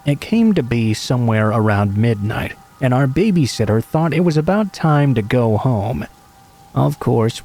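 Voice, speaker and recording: Mellow-voiced man narrating horror stories. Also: medium pitch. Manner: steady, measured storytelling. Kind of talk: scripted narration of true scary stories.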